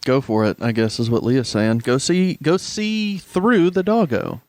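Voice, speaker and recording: A man's voice: medium pitch, a little slow, darkish tone, dry recording. A man with a Southern American accent, co-hosting a podcast with joking, sarcastic banter. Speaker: podcast co-host. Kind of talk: casual chat.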